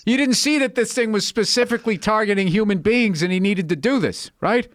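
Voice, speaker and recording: A man who is a guest comedian, ranting in casual podcast chat, animated and profane, and slipping into mocking voices. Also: high-pitched, fairly quick, hardly any pauses, no echo.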